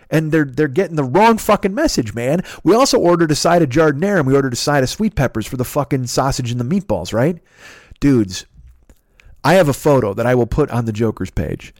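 A middle-aged man from the Chicago area tells a story as an exasperated, profanity-laced rant. His voice sits at an ordinary middle pitch and the sound is dry and close. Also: darkish tone, dry recording. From Chicago area, USA. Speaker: podcast host.

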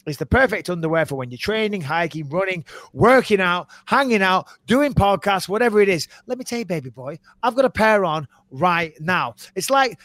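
A man co-hosting a podcast, telling an animated story and swearing freely. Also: sits high, no echo. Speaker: podcast co-host. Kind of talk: casual podcast chat.

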